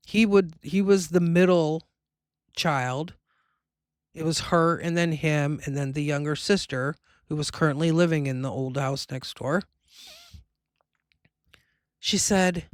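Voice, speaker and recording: A woman's voice: low voice, takes it slowly, long pauses, no room sound, clean studio sound. A middle-aged woman, a medium, telling a personal story casually, acting out the people she quotes and using many fillers.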